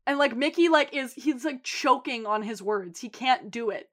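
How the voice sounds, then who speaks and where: A young woman co-hosts a casual podcast and recaps a TV episode with energy. Her voice is bright and crisp, set a little high. She slips into quick acted quotes of the characters. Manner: animated retelling, quotes characters. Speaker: podcast co-host.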